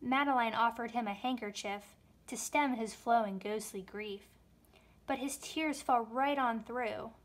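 A woman with a fairly high voice reads a rhyming children's storybook aloud. Her delivery is expressive and lilting, shaped for young listeners. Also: a little slow. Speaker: children's book reader.

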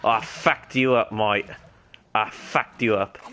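Slow and steady in tone, a young man with a lowish voice streams a game in character behind a put-on Australian accent, with slight background noise. There's plenty of rambling and swearing, plus loud calls to other players.

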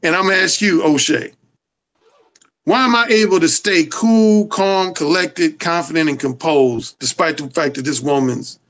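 A man's voice: a little high, moderate pace, fairly bright tone, low-quality recording. A man being interviewed as a dating coach, lecturing emphatically and swearing freely. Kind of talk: casual interview.

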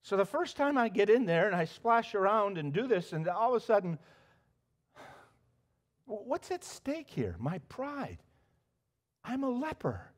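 A preacher voicing an indignant proud army commander. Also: male voice, sits high, sing-song, measured pace, pauses often, heavily acted. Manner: first-person role-play, indignant. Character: proud angry male army commander, middle-aged.

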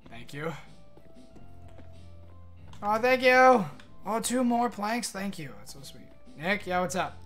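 Bright-voiced excitable young male streamer. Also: sits high. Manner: excitable, swears, thanks chat often. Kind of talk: live gaming stream chatter.

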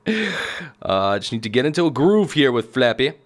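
A man hosting a gaming video, giving excitable gameplay commentary and shouting at the game. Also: medium pitch, moderate pace. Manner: excitable, yells at the game, chuckles. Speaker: gaming channel host.

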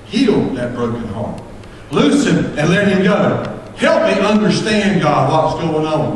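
A man preaching a sermon as pastor, folksy and impassioned, rising to shouts at his peaks. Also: high-pitched, animated, moderate pace, slight background noise. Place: church sanctuary. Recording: echoey church hall from far off.

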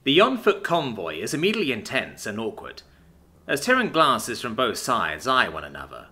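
Bright, animated male story narrator. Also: mid-range voice. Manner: expressive, animated reading.

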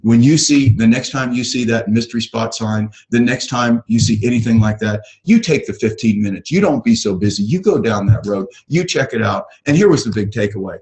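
A man's voice: mid-range voice, animated, brisk, hardly any pauses, darkish tone, low-quality recording. A middle-aged man hosting a real estate coaching webinar, talking casually and enthusiastically with many fillers. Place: ranch.

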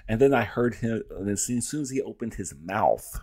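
A man hosting a reaction video, telling stories in an animated, profane, campy way. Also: fairly low pitch, a little fast, slightly rough, no echo, studio quality. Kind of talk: casual reaction chat.

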